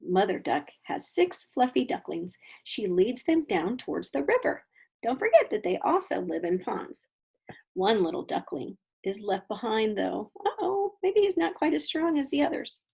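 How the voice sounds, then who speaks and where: Lively kindergarten teacher, gravelly and husky. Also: female voice, a little high, moderate pace. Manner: animated, questioning storybook voice for children. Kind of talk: reading a picture book aloud with explanations.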